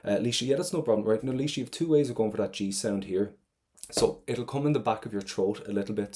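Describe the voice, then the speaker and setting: An Irish man with a low, mellow voice teaches an online exam-prep class. He keeps it casual and chatty and talks to his students by name.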